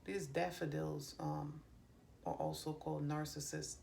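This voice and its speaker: A woman doing a psychic card reading for viewers, pausing often with ums and restarts as she relays messages she hears. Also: low-pitched, fairly even intonation, vocal fry, darkish tone. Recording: faint background noise.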